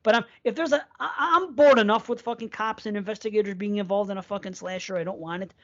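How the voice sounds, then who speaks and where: Blunt, profane podcast co-host. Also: male voice, high-pitched, quick pace, muffled recording. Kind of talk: casual chat.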